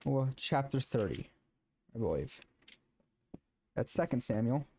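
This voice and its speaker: While streaming, a man chats casually before reading scripture aloud haltingly, full of filler sounds and restarts. His mid-range voice is expressive, warm and husky.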